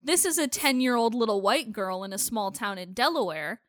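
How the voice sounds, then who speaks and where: A woman's voice: a little high, expressive, normal speed, dry recording, studio quality. A young woman co-hosting a casual chat, blunt and sarcastic, with a lot of swearing. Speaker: podcast co-host.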